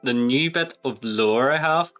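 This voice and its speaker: A man's voice: mid-range voice, a little slow, a bit bright, faint music behind. A man, chatting as a guest, hedging teasingly and laughing often. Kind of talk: casual chat.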